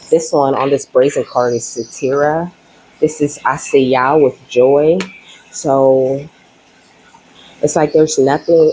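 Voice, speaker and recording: A woman reads tarot cards for her audience in a loose, chatty way, checking in with "okay?" and "you know?" as she goes. Her voice is mellow and warm, with a faint hiss in the background. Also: very deep voice, low-quality recording. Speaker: tarot reader. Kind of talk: casual spiritual tarot reading.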